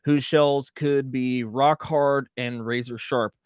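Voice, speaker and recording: Brief: male podcast co-host, mid pitch, joking, reads facts steadily, dry close mic. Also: fairly even intonation, takes it slowly, smooth, dry recording. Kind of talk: casual chat and reading facts aloud.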